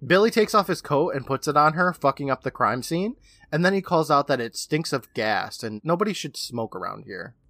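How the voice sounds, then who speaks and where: A man's voice: on the high side, very animated, moderate pace, a bit bright, dry recording, clean studio sound. A young man hosting a podcast, retelling a horror episode casually and jumping into characters' lines. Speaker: podcast host.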